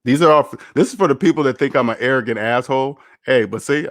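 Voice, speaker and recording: A man's voice: mid-range voice, fairly quick, a bit bright, no room sound, studio quality. A man hosting a finance livestream, rambling and candid as he reads the chat aloud and chats casually.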